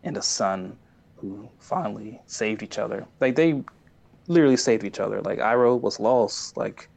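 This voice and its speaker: A man's voice: on the low side, normal speed, vocal fry, a little mellow. A man casually recapping a favorite show scene, earnest and enthusiastic, rambling with fillers and restarts.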